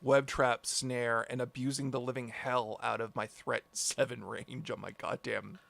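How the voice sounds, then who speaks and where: A man's voice: mid-range voice, flat delivery, a little slow, vocal fry, background noise. A man chatting casually on a group livestream, laid-back and laughing often. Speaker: streamer, game master.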